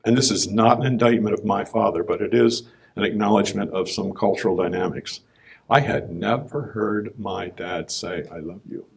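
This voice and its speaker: On a conference stage, a businessman gives a conversational talk sharing his personal testimony, occasionally clearing his throat. His voice is fairly low and his pace moderate.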